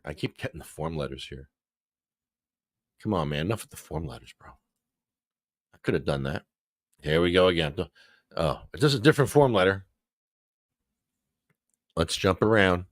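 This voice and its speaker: A male show host in casual livestream commentary, talking back to what he reads in an animated way. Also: low voice, brisk, long pauses, dry recording, studio quality.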